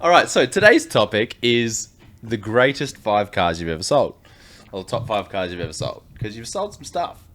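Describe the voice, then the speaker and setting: A podcast host whose voice leaps up and down with a very lively pitch. He laughs easily and keeps the casual interview moving with quick, agreeing responses.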